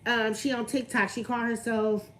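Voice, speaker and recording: A woman's voice: on the high side, level tone, normal speed. A young woman, venting candidly on her livestream and greeting viewers as she talks. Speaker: vlogger on a livestream.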